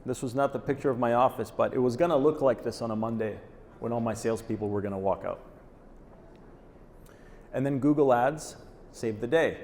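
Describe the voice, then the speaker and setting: Presenting live at a conference, a man speaks in a punchy, direct style and tacks "okay?" onto his points. His voice is medium-pitched, creaky and darkish, captured in a reverberant hall with faint background noise.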